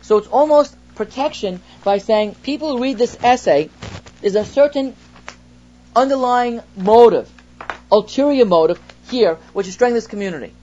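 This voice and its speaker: A man's voice: very high-pitched, animated, normal speed, dark tone, a little hiss or hum. A man who is a rabbi teaching a text-study class to students. He explains through everyday examples, asks rhetorical questions, and reads Hebrew phrases before translating them. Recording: dull lo-fi class recording.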